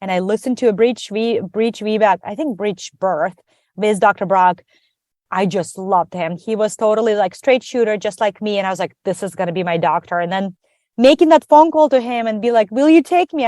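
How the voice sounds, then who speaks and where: A woman guest on a podcast, telling her story in a lively, conversational way and acting out the voices of others. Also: mid-range voice, normal speed, dry recording, clean studio sound. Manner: animated, acts out quoted dialogue.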